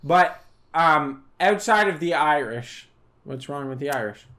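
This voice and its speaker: Animated, profane man ranting. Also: a little high, a little slow, slight background noise. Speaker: podcast co-host. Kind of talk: casual chat.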